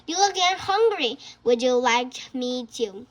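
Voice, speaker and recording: A doting old shelter cook who fusses over a hungry boy, put on by a woman reading the story. She speaks high and slow, in a warm, motherly way. The delivery stays gentle and unhurried throughout. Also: expressive.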